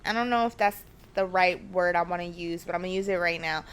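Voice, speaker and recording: A woman hosting her own podcast from her living room, chatting casually in a rambling, excitable way and often dropping to a whisper. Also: lowish voice, quick pace, clean tone. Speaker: podcast host. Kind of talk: casual solo chat. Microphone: studio mic at home.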